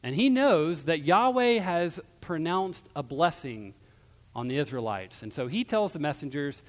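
A man's voice: a little high, expressive, a little slow. Man preaching a sermon, long hall echo. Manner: conversational storytelling, dropping softer at ends of phrases. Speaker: pastor.

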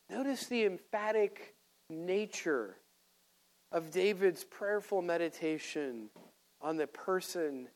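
Slow, deliberate male preacher. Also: sits high. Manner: slow, deliberate, with emphatic pauses and self-corrections. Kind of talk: expository sermon.

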